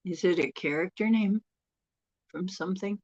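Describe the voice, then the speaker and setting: A woman's voice: on the low side, moderate pace, darkish tone, breathy edge, no echo, lo-fi sound. A woman hosting a casual livestream, chatty and rambling, often laughing and correcting herself. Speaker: livestream host.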